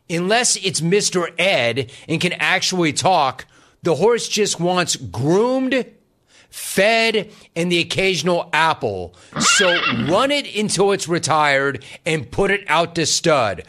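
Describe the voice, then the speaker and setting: A middle-aged man hosting a talk show, ranting emphatically in an animated monologue. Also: a little high, measured pace. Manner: emphatic, riffs and rants, acts out quotes. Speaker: radio talk show host.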